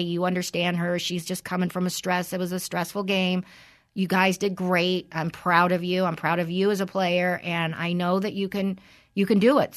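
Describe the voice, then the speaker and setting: A woman in her forties hosts a casual podcast chat with a slightly low voice. She tells her story in an animated way, jumping in and out of quoted conversations. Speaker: podcast host.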